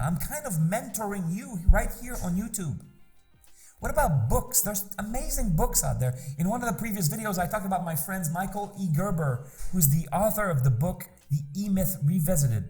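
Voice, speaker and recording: A man's voice: fairly high pitch, warm tone. A man speaking as a business mentor in an emphatic motivational talk, repeating rhetorical questions to drive points home.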